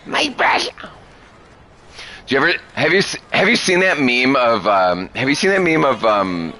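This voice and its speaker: A man's voice: medium pitch, very animated, brisk, pushed and bright. Rowdy, foul-mouthed young man gamer. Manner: rowdy, crude, rambling, laughs a lot. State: tipsy. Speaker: gaming streamer. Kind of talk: casual gameplay chat.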